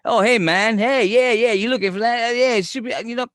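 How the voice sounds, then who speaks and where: A man's voice: very high voice, fairly even intonation, fairly quick, a bit bright, no room sound, studio quality, voice pushed up. A man putting on a thick Boston accent to play a chummy hardware store clerk.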